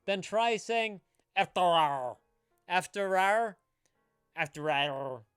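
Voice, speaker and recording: A man's voice: high-pitched, expressive, takes it slowly, a bit bright, clean tone, dry recording, clean studio sound, soft background music. A man co-hosting a live stream, joking around, laughing often and swearing casually. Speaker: co-host.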